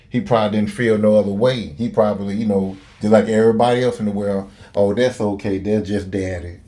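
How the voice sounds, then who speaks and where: Man, opinionated commentary, dark mellow tone, lowish voice, rambling, profane, lots of fillers. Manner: rambling, blunt, profane, many fillers and restarts. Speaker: video commentator.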